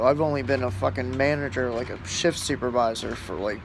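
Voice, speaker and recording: A man's voice: medium pitch, brisk, few pauses, background noise. A man who works as a store shift supervisor, telling a story in a casual, blunt and profane way, rambling with fillers.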